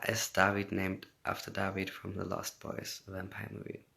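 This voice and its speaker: Native English-speaking man on a phone livestream, low and forceful, answers fan comments casually and moves between English and German. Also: completely flat delivery, moderate pace, vocal fry. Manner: reads out comments, laughs often, switches between English and German.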